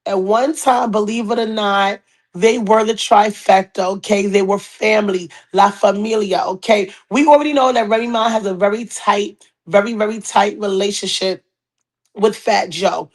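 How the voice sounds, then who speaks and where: Hoarse woman hosting a chatty podcast. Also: mid-range voice. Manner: chatty, greets viewers, repeats herself. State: hoarse from a cold. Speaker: podcast host. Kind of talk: casual live-stream chat.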